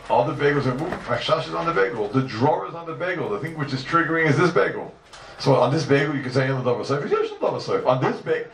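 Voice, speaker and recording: A man teaching a Talmud class in a lively lecture style, repeating questions and mixing in Hebrew and Aramaic terms. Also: fairly high pitch, slight background noise. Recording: echoey room, mic from far off.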